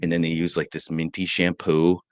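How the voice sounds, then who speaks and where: A middle-aged man co-hosting a morning show, telling rambling, joking stories in a relaxed chat. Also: deep voice, moderate pace, no room sound. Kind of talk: casual chat.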